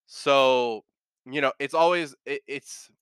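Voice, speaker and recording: Man, podcast host, casual rambling chat, restarts and fillers, crisp clear voice, dry close sound. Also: medium pitch, slow pace, a bit bright, no echo.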